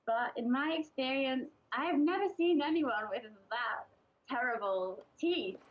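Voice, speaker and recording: A woman's voice: high voice, lively intonation, unhurried. A young woman from England giving a casual, chatty presentation to a group, hesitating often with ums and restarts. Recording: dull lo-fi recording.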